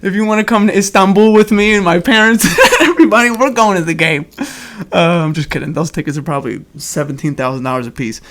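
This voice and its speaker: A man's voice: sits high, animated, fast talker, fairly bright tone. A young man hosting a casual podcast, exuberant and chatty, laughing often. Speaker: podcast host. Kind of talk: excited casual podcast chat.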